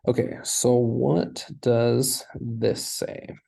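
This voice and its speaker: Slow, gravelly-voiced man tutoring Hebrew. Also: mid-range voice, flat delivery, mellow. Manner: patient, asks the student questions and explains step by step. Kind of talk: online language lesson.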